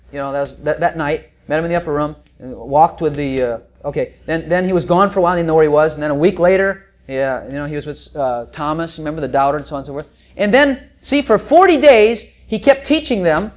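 A preacher teaching a sermon, telling the story in a folksy, joking way, with loud bursts, quiet asides and stammering restarts. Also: mid-range voice.

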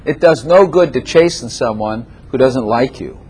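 A man preaching a sermon to a congregation in a church room, animated and repetitive, laughing often and quizzing his listeners. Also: mid-range voice, normal speed, slightly rough. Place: church room with chairs and a plant.

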